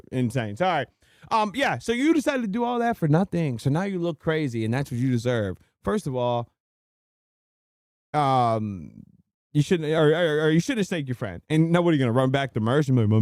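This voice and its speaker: A man hosting a live stream, delivering a mocking, slang-filled rant and pausing to greet viewers. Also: medium pitch, clear, resonant tone, no echo, studio quality. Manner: animated, slangy, mocking rants; laughs and interrupts himself to greet viewers. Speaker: livestream host. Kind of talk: live stream reaction commentary.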